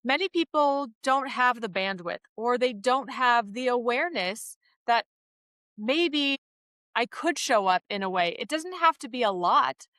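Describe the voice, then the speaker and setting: A woman who is an author and a guest on a podcast, speaking in a thoughtful, gently reflective way. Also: a little high, lively intonation, a little slow, no room sound. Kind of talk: reflective interview talk.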